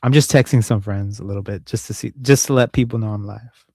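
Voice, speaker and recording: A man's voice: on the low side, fast, warm tone, dry recording, studio quality. A man hosting a casual live stream from home, rambling, swearing and joking with his audience. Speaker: livestream host.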